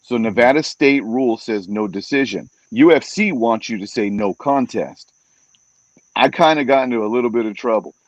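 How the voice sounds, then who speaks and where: A man who works as a fight announcer, a podcast guest telling stories in a casual, animated way and acting out what other people said. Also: mid-range voice, moderate pace, dry recording. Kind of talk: casual storytelling in a podcast interview. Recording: dull, dry podcast audio.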